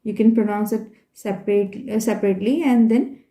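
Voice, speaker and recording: A woman whose first language is Hindi teaches beginner German from a textbook in an Indian English accent, patiently repeating words and spelling them out. Her voice is a little high with a dark tone, and she speaks at a moderate pace in an echoey room.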